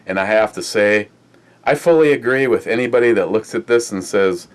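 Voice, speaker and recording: A man's voice: lowish voice, normal speed. A man hosting a casual beer review chat, rambling and swearing, full of uh fillers. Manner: rambling, profane, many uh fillers. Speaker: beer review podcast host.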